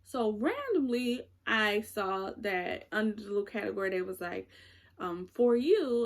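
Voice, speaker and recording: A woman's voice: medium pitch, brisk, creaky. A young woman vlogger chatting casually about movies she watched, rambling and searching for words with frequent fillers. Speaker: YouTuber reviewing movies. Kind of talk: casual chat.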